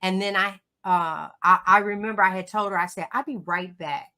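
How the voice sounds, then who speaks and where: A middle-aged woman, a guest on a livestream call, telling a personal story in an emotional, animated way. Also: mid-range voice, normal speed. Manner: emotional, animated storytelling with Southern turns of phrase.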